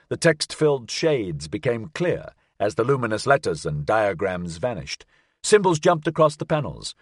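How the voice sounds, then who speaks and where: A man narrating an audiobook in an expressive, measured way. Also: lowish voice, husky, no echo, studio quality. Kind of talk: scripted narration.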